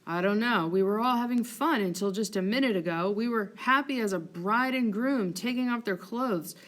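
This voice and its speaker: A woman voicing a scheming male ensign who speaks smoothly and feigns innocence. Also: medium pitch, normal speed, close to an everyday voice. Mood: feigned innocence.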